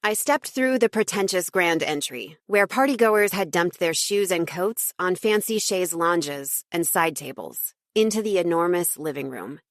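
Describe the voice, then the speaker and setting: A woman narrating a first-person audiobook with a snarky, wry edge. Her voice sits on the lower side for a woman. The read is close-miked and dry, with no room sound. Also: expressive, unhurried, hardly any pauses, no echo.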